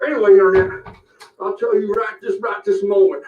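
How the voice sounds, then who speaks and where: A man putting on a shrill, crude cowboy sheriff, blustering and boastful, parody rant, roomy distant sound. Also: fairly even intonation, brisk, phone-quality sound, close to an everyday voice. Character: brash crude self-styled cowboy sheriff, grown man, boastful and threatening.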